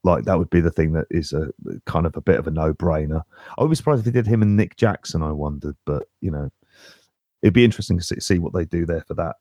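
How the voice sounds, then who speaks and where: A man's voice: a bass voice, fast talker, mellow, no echo, clean studio sound. A man co-hosting a podcast in casual chat, hedging a lot with "kind of" and fillers. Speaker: podcast co-host.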